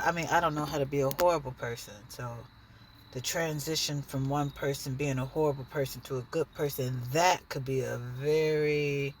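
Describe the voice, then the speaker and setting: A woman's voice: low voice, slight background noise. A woman giving a blunt, profane, preachy monologue straight to the camera in her own vlog. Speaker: dancer and vlogger.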